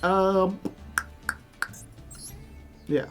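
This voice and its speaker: High-voiced joking game streamer. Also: male voice, fairly even intonation, very slow, soft background music. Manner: rambling, joking, spins silly stories. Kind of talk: casual game commentary.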